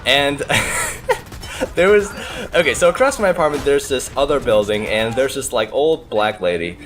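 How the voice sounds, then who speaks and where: A man, a gaming channel host, telling a story in a chatty, animated way, full of "like" and "uh". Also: medium pitch, normal speed. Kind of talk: casual storytelling over gameplay. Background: faint background music.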